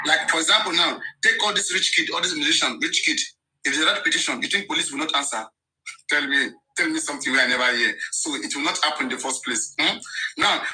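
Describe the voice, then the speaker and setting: Nigerian woman, streamer monologue, scornful and emphatic, very bright, cutting tone. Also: sits low, low-quality recording. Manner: scornful, emphatic, switches between languages. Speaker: live-stream commentator. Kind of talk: ranting monologue.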